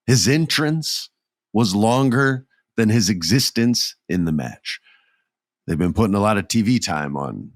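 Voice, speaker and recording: A man's voice: low-pitched, no echo, clean studio sound. A middle-aged man hosting a podcast, chatting enthusiastically and animatedly about wrestling. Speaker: podcast host. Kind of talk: casual wrestling commentary.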